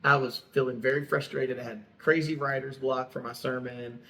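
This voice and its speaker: Casting: middle-aged male pastor, podcast co-host, direct and candid, quick to laugh, mid-range voice. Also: medium pitch, fairly even intonation, sharp tone. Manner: straightforward, laughs easily, storytelling. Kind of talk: casual chat.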